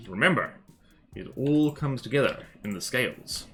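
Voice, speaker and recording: A man's voice: mid-range voice, lively intonation, moderate pace, a bit bright, a little hiss or hum. A young adult man casually chatting while drawing on a livestream, playful, jokey and rambling.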